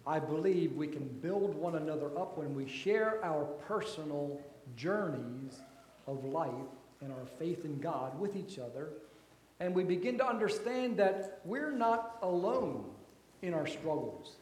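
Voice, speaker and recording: A man preaching a sermon as pastor, slow and deliberate, his voice rising for emphasis and then dropping soft. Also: on the high side, expressive, reverberant, a little hiss or hum.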